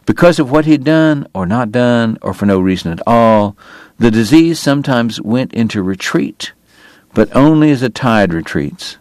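A man reading a novel aloud in a measured, deliberate narration for a radio reading service. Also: medium pitch, animated, darkish tone, dry recording. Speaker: audiobook reader. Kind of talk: scripted narration.

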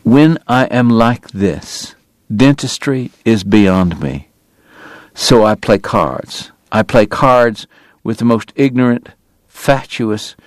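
Bitter consumptive dentist, read by a man, low voice, slow precise delivery. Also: no echo. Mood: weary. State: coughing illness, strained breath. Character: bitter consumptive male dentist, sardonic, weary.

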